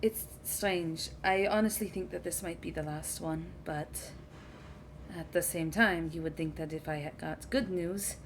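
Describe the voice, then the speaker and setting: A woman's voice: measured pace, slight background noise, poor audio. Woman doing a weary ship captain. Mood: pensive. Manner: tired, wry, low-key.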